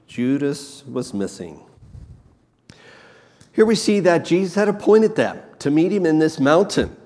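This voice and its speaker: A man preaching a sermon, slow and emphatic, repeating key words for weight. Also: high voice, expressive, a little mellow. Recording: long hall reverb.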